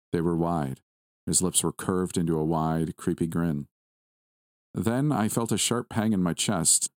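A man reading a first-person horror story aloud at a steady, measured pace. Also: low-pitched, no room sound, clean studio sound. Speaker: story narrator.

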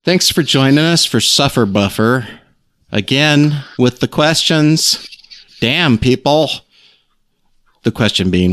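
A man's voice: mid-range voice, lively intonation, slow, a bit bright. A man hosting a casual podcast, joking with his co-hosts and reading news items aloud. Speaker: podcast host.

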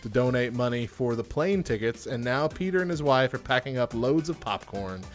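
A man's voice: medium pitch, animated, normal speed, soft background music. Laughing man reading trivia. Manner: jokey, laughs often, reads trivia then riffs. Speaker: podcast co-host. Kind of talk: casual chat, reading facts.

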